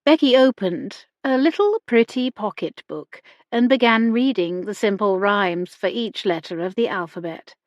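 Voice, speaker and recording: A woman narrating a romance novel in a slow, measured reading voice. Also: mid-range voice, expressive, no echo, muffled recording. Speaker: audiobook narrator. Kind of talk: scripted narration.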